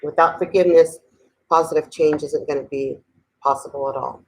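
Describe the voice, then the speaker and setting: A middle-aged woman teaching a spiritual talk in a conversational way, often asking "okay?", then slowing and softening to lead a guided meditation. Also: low voice, fairly even intonation, slightly rough, rough recording. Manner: slows and softens while guiding breathing.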